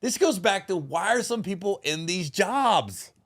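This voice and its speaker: This is a man on a podcast reacting to a story with quick remarks, his pitch slightly high and swinging widely. The sound is dry and close, with no room echo. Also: sing-song, a bit bright. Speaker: podcast co-host. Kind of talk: casual chat.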